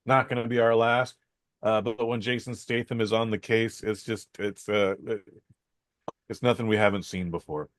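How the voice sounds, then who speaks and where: A man's voice: on the low side, steady tone, normal speed, dry recording. A man hosting a podcast, rambling through a casual film review with many fillers, restarts and some swearing.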